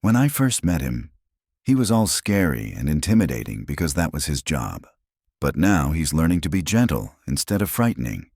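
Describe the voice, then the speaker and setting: An eager little girl chatters in a storybook tale, lifting well above the speaker's own very deep voice as a man puts her on. The sound is dry and close to the mic. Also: big pitch swings, normal speed, darkish tone, no echo, full character voice. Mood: earnest. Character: brave cheerful little human girl.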